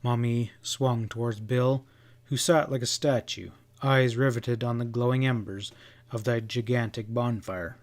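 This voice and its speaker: A man reading a western novel aloud as an audiobook narrator, steady and dramatic. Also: mid-range voice, measured pace.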